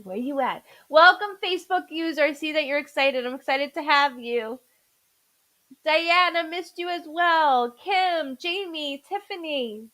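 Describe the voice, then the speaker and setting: A woman with a high voice hosts a live stream from her home. She chats loosely, repeats each viewer's name, and stumbles over her words at times. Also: lively intonation, a little slow, bright, forceful tone, poor audio. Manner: chatty, repeats names, stutters. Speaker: psychic medium host.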